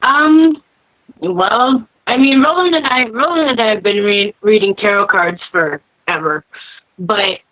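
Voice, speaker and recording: A woman guest who reads tarot cards, talking in a relaxed, rambling way on a casual podcast. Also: mid-range voice, unhurried, no echo. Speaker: guest, tarot card reader. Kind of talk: casual interview chat. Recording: dry, dull call audio.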